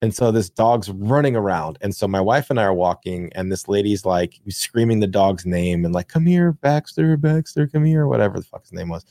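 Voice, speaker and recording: A man's voice: deep voice, a little fast, hardly any pauses, darkish tone, no echo, clean studio sound. A young man co-hosting a podcast, telling blunt, profane, rambling stories in casual chat. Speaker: podcast co-host.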